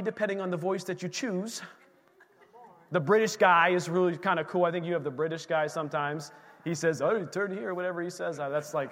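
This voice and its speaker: A male pastor preaching a lively sermon to his congregation, calling out to the church for responses. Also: very high voice, big-room sound. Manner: energetic, call-and-response preaching. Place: church sanctuary.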